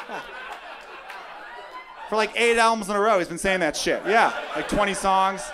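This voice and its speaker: A young stand-up comedian, a man with a fairly high voice, rants his way up to each punchline. He is recorded live in a club, with clear crowd noise in the background. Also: normal speed, pauses often. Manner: loud, ranting punchlines with crowd laughter. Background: audience laughter.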